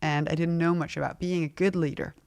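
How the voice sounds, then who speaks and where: A woman's voice: low-pitched, fairly even intonation, fairly quick, a little mellow, clean tone. A middle-aged woman speaking frankly and casually as an interview guest, laughing often as she talks. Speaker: fashion brand founder, guest.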